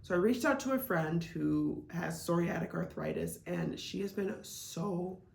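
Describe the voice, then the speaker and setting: A woman's voice: fairly low pitch, expressive, a little slow, vocal fry, a little mellow. A woman from Iowa, chatting casually as a reselling vlogger, full of "like" and "um" fillers. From Iowa, United States. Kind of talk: casual vlog chat. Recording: echoey room.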